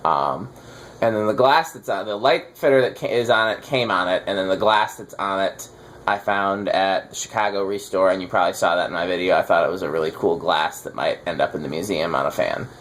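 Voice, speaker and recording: A man's voice: deep voice, a little fast, fairly bright tone. Rambling man with faint background noise. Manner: rambling, filler-heavy, teasing. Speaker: fan collector host. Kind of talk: casual chat while testing fans.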